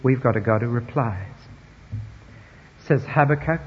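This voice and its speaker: Husky-voiced guy preaching, punchy and wry, muffled old recording in a big echoey hall. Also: mid-range voice, normal speed. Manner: emphatic, wry, swings between loud and quiet. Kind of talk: sermon.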